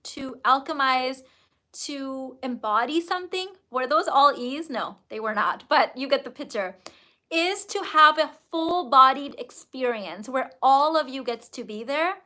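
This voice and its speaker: Bright, high-voiced effusive woman coach. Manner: effusive and emphatic, with casual swearing. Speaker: business coach and host. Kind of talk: casual livestream answering viewer comments.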